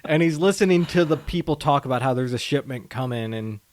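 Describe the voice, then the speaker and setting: A man co-hosting a movie podcast, retelling scenes in a casual, animated way and laughing often. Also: medium pitch, brisk. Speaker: podcast co-host.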